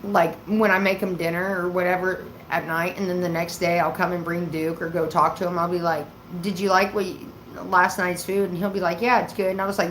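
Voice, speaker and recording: A woman's voice: mid-range voice, a little fast, slight background noise. A woman livestreaming, casually telling stories to her viewers, swearing freely and acting out the quoted lines. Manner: profane, animated retelling with quoted voices. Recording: echoey room.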